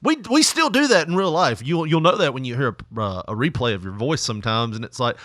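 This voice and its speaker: A man's voice: mid-range voice, lively intonation, quick pace, a bit bright, no echo, clean studio sound. A man with a Southern accent co-hosting a podcast in casual chat, laughing often and slipping into mocking voices. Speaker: podcast co-host.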